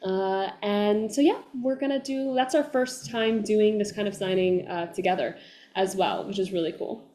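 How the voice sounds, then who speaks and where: A woman's voice: medium pitch, moderate pace. Chatty woman in an echoey room. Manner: chatty, animated, many fillers, acts out fans' voices. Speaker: voice actor guest. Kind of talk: casual interview chat.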